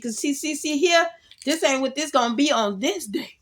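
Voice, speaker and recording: A woman giving a casual tarot reading straight to the viewer, animated and slangy, laughing often as she talks. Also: sits high, a little fast. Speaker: tarot reader.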